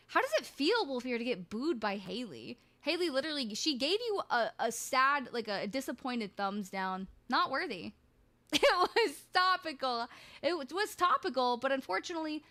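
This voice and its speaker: A woman's voice: sits high, big pitch swings, moderate pace, bright, forceful tone. A woman streaming live, chatting in a rambling, jokey way full of crude banter. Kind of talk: casual livestream chat.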